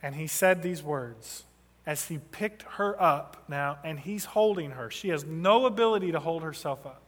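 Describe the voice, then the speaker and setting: A man's voice: a little high, moderate pace. Man in his thirties preaching in a hall. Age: 30s. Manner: storytelling, building to impassioned emphasis. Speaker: pastor. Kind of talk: sermon. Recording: long reverb of a large hall.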